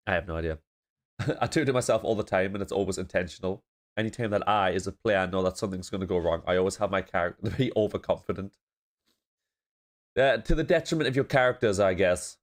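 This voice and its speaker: A man's voice: low-pitched, brisk, long pauses. A man from northeast England with a blocked nose, chatting casually and laughing as he reacts to a show. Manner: chatty, laughing, swearing freely.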